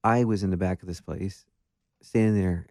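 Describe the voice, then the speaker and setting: A man, a guest musician, telling stories in a casual interview in an animated, self-deprecating way, with many restarts. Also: deep voice, moderate pace, dry recording, studio quality.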